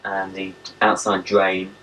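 A man's voice: deep voice, monotone, slow, fairly bright tone. A young English man chatting playfully to a pen pal on a home video, cooing at his dogs. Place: at home, indoors. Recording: old home video, distant mic, faint hiss.

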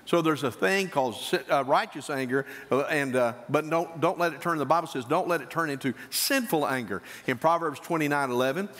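A middle-aged man preaches from the pulpit, his voice sitting a little high. He tells stories and acts out the voices in them. His words ring out with the long reverb of a church sanctuary. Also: fairly quick, few pauses. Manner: animated storytelling preacher, acts out quoted voices. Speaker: pastor. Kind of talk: sermon.

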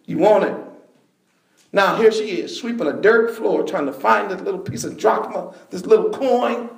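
A man preaching a sermon, telling a story with bursts of shouting and laughter. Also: sits high, moderate pace, gravelly, roomy sound.

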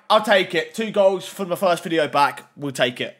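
A young man giving gameplay commentary on a football video game, excitable and talking straight to the game and his viewers. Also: sits high, moderate pace. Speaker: gaming YouTuber.

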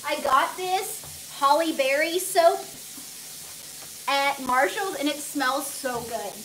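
A woman's voice: sits high, slow, sharp tone, slight background noise. A young woman chatting casually to viewers while cooking live in her home kitchen, recorded on a phone on a tripod. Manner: bubbly, chatty, talks to viewers and her dog. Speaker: cooking livestream host.

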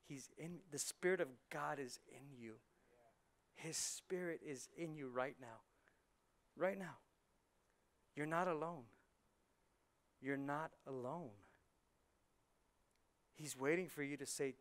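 Animated preacher man, hushed to loud. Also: a little high, normal speed, pauses often. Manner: animated, swings from hushed to shouting, acts out voices. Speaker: pastor. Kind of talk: energetic sermon. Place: church hall.

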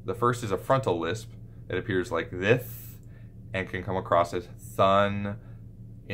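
A man's voice: sits low, measured pace, fairly bright tone, slight background noise. A man, a pediatric speech therapist, explaining and demonstrating speech sounds to camera. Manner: demonstrates sounds and lisps with exaggerated examples. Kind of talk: instructional talk to camera.

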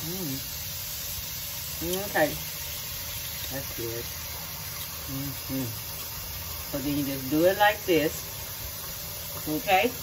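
Talking viewers through each step of a recipe, a middle-aged country woman cooks casually in her home kitchen with a folksy warmth. Her low voice is expressive but extremely slow, with frequent pauses, recorded from afar amid background noise.

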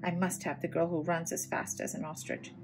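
A woman's voice: on the low side, little pitch movement, brisk, creaky, soft background music. Storybook dwarf king, bossy and demanding, voiced by a woman. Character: embarrassed dwarf, a former forest king, demanding.

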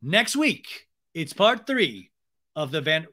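Man, comedy podcast host, young adult, lively storyteller, slightly high voice. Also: takes it slowly. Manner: animated, acts out quotes in funny voices; rambling asides. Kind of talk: comedic reality TV recap.

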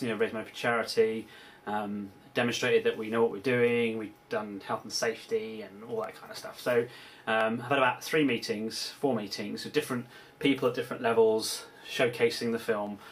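A man's voice: on the low side, level tone, a little fast. A British man giving a casual video diary as a film producer, rambling with many ums and restarts. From United Kingdom. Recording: distant mic with faint background hiss.

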